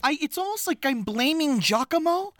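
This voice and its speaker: A woman's voice: high-pitched, sing-song, moderate pace. A young adult woman in casual podcast chat, blunt and swearing, with indignant humor. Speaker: podcast co-host.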